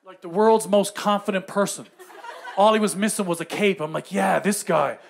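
A middle-aged man telling a stand-up comedy story with animated, punchy delivery. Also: high-pitched, brisk, a little hiss or hum.

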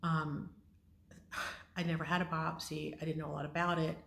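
A middle-aged woman tells her own story in a candid, wry, conversational way. Her voice sits low and has a gravelly edge. She is recorded in an echoey room. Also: little pitch movement, normal speed, a bit bright, slight background noise. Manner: candid, wry, with sighs and laughs. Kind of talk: casual personal storytelling.

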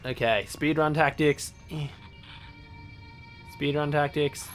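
A young man in casual let's play commentary, swearing a lot and bursting into yells at enemies. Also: fairly high pitch, steady tone, takes it slowly. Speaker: gaming channel host. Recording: faint game music behind.

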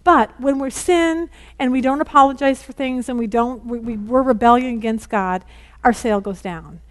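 Chatty woman teaching a Bible study. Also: on the high side. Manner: chatty and candid, rushing against the clock; acts out family conversations in lively quoted voices. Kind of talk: informal Bible lesson.

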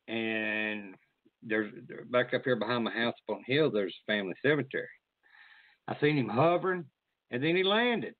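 A man's voice: fairly high pitch, expressive, brisk, no echo. Guy host rambling on, cussing, dry tinny phone sound. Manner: rambling storyteller, swears freely. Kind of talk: casual chat. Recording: phone-like line.

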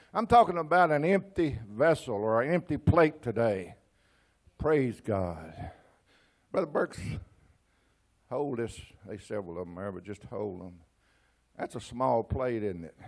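An older man with an East Texas drawl delivers a homespun sermon, telling stories in a mid-pitched voice. He talks to the congregation in a folksy way, stumbling into restarts now and then. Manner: folksy storytelling with stammered restarts. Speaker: church speaker.

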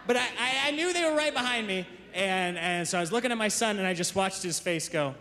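A man's voice: sits high, animated, brisk, sharp tone, slight background noise. A man performing a stand-up comedy set on stage, chatty and self-interrupting. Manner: conversational, self-interrupting, jokey. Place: theater stage before a live audience. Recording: reverberant hall with audience laughter.

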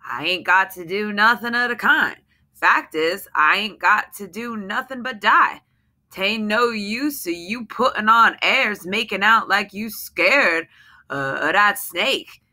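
A woman's voice: medium pitch, sharp tone, voice pushed up, full character voice. A woman voicing a cruel, boastful husband who sneers in heavy dialect. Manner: sneering, swaggering. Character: cruel, boastful Southern husband, adult man.

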